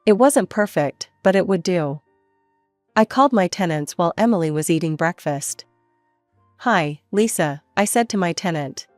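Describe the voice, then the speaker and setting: A woman narrating a first-person family story in a steady, plain way. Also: on the low side, normal speed, no echo, clean studio sound, soft background music.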